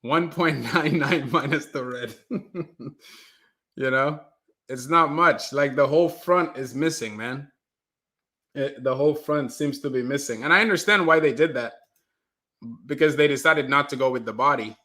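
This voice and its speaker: Hosting a laid-back livestream, this man speaks in a mid-range voice at a measured pace, pausing often. He's animated and loose, going over the same points again and reading out what viewers type in chat.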